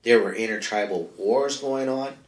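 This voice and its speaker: A man's voice: medium pitch, normal speed. A man hosting a comedic advice segment, talking in a rambling, offhand way full of asides, close to the mic in a small home studio. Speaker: comedic advice-column host. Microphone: close microphone. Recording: echoey bare room.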